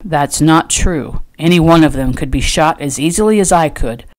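A firm, commanding rancher man with a low, lowered voice, as a woman reading her novel puts him on. He speaks in steady, protective orders, as a storybook hero does. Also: moderate pace, lightly acted. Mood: insistent.

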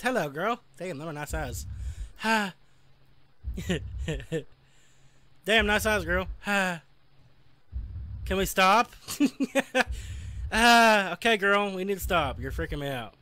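A man's voice: high voice, expressive, slow, long pauses, sharp tone, no echo. A young man giving laughing, sarcastic, profane commentary while playing a game. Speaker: gaming channel host. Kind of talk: let's play commentary.

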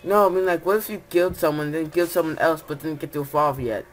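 A young woman chatting while playing a video game, lively and quick to yelp and protest. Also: low-pitched, a little hiss or hum. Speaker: gamer. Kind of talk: casual gaming chat.

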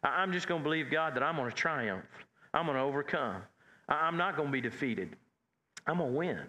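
A man delivers a sermon in a folksy, plainspoken way, repeating and restarting his phrases as he builds. His voice sits a little high and rings bright and forceful. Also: animated, fairly quick. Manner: folksy, repetitive, builds in pitch and force as he preaches. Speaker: pastor.

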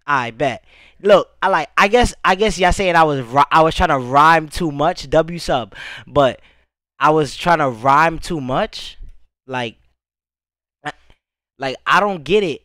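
A young man in a loose reaction stream, talking over his own music video in a rambling, profane way, circling back with fillers. His voice sits fairly high for a man. The sound is dry and close, with little room around it. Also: measured pace, long pauses, pushed and bright, dry recording, low-quality recording. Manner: rambling, repeats fillers like "bro" and "you feel me", swears freely.

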